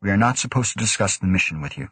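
A man's voice: lowish voice, lively intonation, quick pace, a bit bright, slightly rough, no echo. A man voicing a tense, precise female neurophysiologist who speaks formally. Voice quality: formal, clipped.

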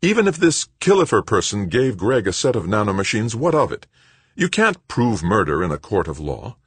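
A man voicing an indignant older woman in an audiobook, with a sharp, demanding tone. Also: fairly low pitch, very animated, moderate pace, breathy edge, no echo, voice pushed up.

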